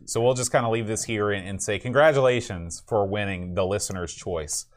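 A man's voice: fairly low pitch, brisk. A man co-hosting a podcast, chatting casually and reading out listener messages. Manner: reads listener predictions aloud, chuckling. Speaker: podcast co-host. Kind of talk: casual chat.

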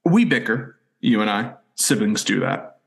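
A man's voice: lowish voice, expressive, unhurried, vocal fry. A young man in his twenties co-hosting a casual podcast, joking and swearing as he tells stories and recaps an episode. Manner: joking, profane, storytelling. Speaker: podcast co-host.

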